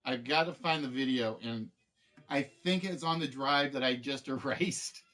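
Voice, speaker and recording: A man's voice: medium pitch, normal speed, a bit bright. A man hosting a live game show stream, chatting casually with viewers in a rambling way, full of fillers and restarts.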